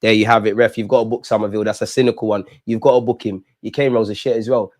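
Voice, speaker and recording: A young man hosting a live football watch-along, animated and talking straight to the players and referee. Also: fairly low pitch, quick pace, dry recording, clean studio sound.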